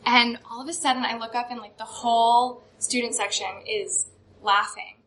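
A woman's voice: on the high side, steady tone, normal speed, fairly bright tone. A young woman telling a self-deprecating personal story on stage, chatty and full of "like".

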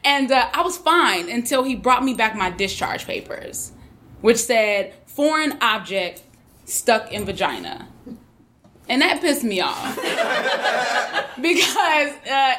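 A brash woman tells a comic tale on stage, laughing as she goes. Her voice sits high. Clear noise runs behind her in the room. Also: sharp tone. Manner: brash, laughing often, profane. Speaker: storyteller at live show. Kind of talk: live comedic storytelling.

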